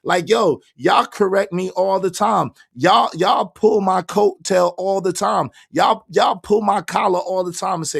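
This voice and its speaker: A hoarse man, hosting a casual livestream and shouting out his viewers by name. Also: high voice, unhurried, hardly any pauses. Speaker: livestream host reading chat.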